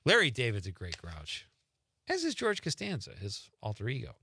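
This middle-aged man's medium-pitched voice has vocal fry and huskiness, captured dry on a studio microphone. Hosting a radio talk show in the studio, he reads listener texts in a lively, joking manner with quick reactions.

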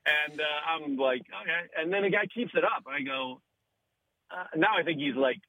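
A man's voice: on the high side, moderate pace, dry recording, narrow, tinny audio. A man who is a radio show guest, chatting casually and telling a story with acted-out voices and frequent laughs. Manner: animated storyteller, acts out voices, laughs often. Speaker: radio show guest, comedian and podcast host. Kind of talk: casual chat.

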